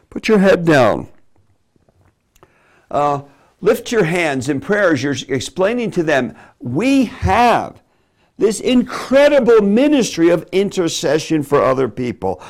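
A man giving a preaching-style lesson on speaking, animated and emphatic, sometimes dropping to a quiet voice. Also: fairly high pitch, gravelly. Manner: animated, emphatic delivery with sudden drops to a quiet voice. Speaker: preacher teaching public speaking.

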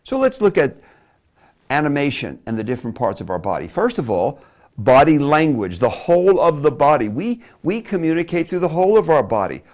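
A man giving a preaching-style lesson on speaking, animated and emphatic, sometimes dropping to a quiet voice. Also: a little high, a little fast. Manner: animated, emphatic delivery with sudden drops to a quiet voice. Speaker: preacher teaching public speaking.

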